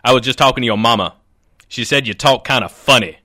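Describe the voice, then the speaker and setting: A man voicing a pushy, bossy country fellow who talks loud and drawling. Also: medium pitch, fast talker, no room sound, clean studio sound, natural voice.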